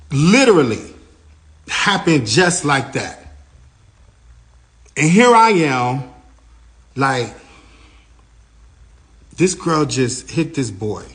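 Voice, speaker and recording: A man, a manager, giving a lively first-person account of an incident, his voice rising and getting louder as he gets heated. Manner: animated, grows louder and higher when heated.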